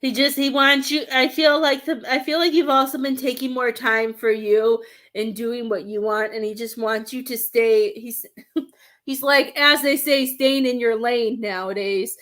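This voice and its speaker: A woman's voice: on the high side, fairly even intonation, unhurried, a bit bright. A woman doing a live-stream reading as a medium, talking in a rambling, hesitant way and searching for words. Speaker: psychic medium.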